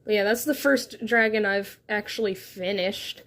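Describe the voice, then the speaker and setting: A woman's voice: medium pitch, moderate pace, a bit bright. A woman talks to her livestream viewers from her bedroom through a phone set on a tripod. She rambles, giggles often and pokes fun at herself. Her voice sits at an ordinary middle height. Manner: rambling, giggly, self-deprecating. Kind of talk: casual livestream chat. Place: her bedroom, on a beanbag chair.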